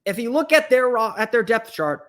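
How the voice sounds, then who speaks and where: Casting: male podcast host, higher-pitched voice, off-the-cuff analysis full of restarts. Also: sing-song, a little fast, a bit bright. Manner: thinking aloud, many restarts and fillers.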